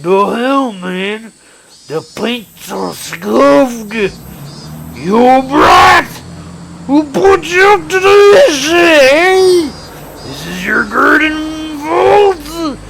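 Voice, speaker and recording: A man voicing a gang of angry young male street thugs who curse and threaten, with steady traffic noise behind him. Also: high-pitched, extremely slow, creaky, voice pushed up, heavily acted. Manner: snarling, cursing, threatening.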